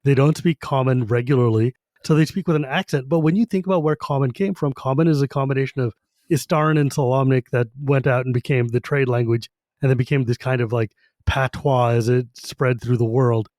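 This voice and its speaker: A man's voice: medium pitch, steady tone, brisk, a little mellow, no echo, studio quality. Enthusiastic man rambling about books. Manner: enthusiastic, rambling, swears casually. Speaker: podcast co-host. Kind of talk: casual fan discussion.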